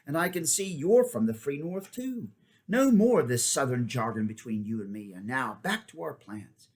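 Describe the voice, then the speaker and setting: A man's voice: mid-range voice, big pitch swings. A man reading as a proud, scornful talking war horse. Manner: brisk, commanding, a little contemptuous. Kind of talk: audiobook character voice.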